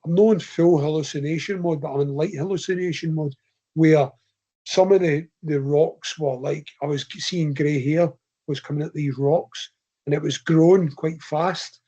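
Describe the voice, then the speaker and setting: A Scottish man with a husky, slightly high voice tells a long, meandering story to podcast hosts. His talk is loose and chatty, with laughs scattered through it. The audio sounds a touch dull and lo-fi. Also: fairly even intonation, normal speed, dark tone. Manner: rambling, chatty anecdote with frequent laughs. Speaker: podcast guest, ultra runner. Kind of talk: casual storytelling.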